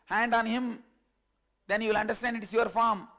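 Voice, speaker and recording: A man's voice: high-pitched, level tone, normal speed, a bit bright, voice pushed up. A man voicing an insistent lion in a spoken parable. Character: wise calm lion, insistent.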